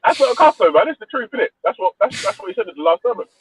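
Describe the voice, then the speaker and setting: A man's voice: sits high, sing-song, breathy edge. A man hosting a casual online panel, teasing his guests. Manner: teasing, quick-talking. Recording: tinny phone-like line with faint noise.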